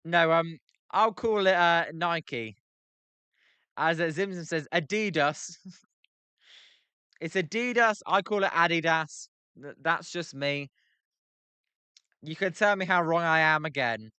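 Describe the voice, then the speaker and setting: Pausing often at a measured pace, a young British man speaks in a slightly high, bright, forceful, smooth voice with no echo. He hosts a live stream with casual baseball commentary, chatting with viewers and making jokes about pronunciations.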